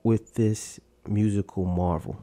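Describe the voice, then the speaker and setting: A man's voice: lowish voice, steady tone, takes it slowly, dark tone, slight background noise. A man hosting a podcast in casual, profane chat, laughing in disbelief as he talks. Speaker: podcast host.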